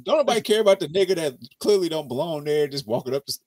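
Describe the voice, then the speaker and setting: A man hosting a casual TV review chat, animated, profane and mocking as he riffs on the episode. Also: fairly high pitch, racing. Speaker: TV show review podcast host.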